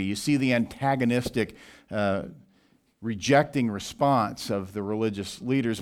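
A male pastor delivers an expository sermon with a low-pitched voice. He teaches deliberately and slows down to read scripture passages.

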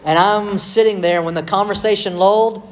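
A middle-aged man delivers a sermon like a chat with friends, poking fun at himself and calling on people in the pews. His voice sits a little high for a man. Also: fairly even intonation, moderate pace, poor audio. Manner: conversational, self-deprecating, addresses the congregation by name. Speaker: pastor.

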